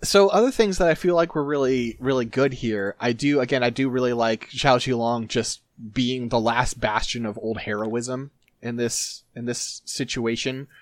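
A man's voice: mid-range voice, normal speed, hardly any pauses, no room sound, clean studio sound. A man co-hosting a casual book discussion, rambling and jokingly paraphrasing characters. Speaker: podcast co-host.

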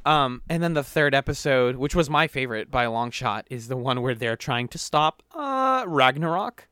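Young guy on a podcast, smooth clear voice, dry close mic, rambly and animated. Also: mid-range voice, normal speed, no room sound. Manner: rambling, animated retelling with put-on quotes. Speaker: podcast co-host. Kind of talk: casual chat.

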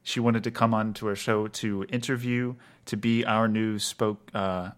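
A man co-hosting a podcast, rambling and halting with frequent restarts. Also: on the low side, fairly even intonation. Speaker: podcast co-host. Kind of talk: casual podcast chat.

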